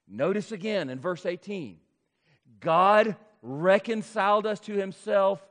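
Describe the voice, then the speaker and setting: A man preaching an expository sermon as pastor, speaking emphatically and slowing down to stress key points. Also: high-pitched. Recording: long hall reverb.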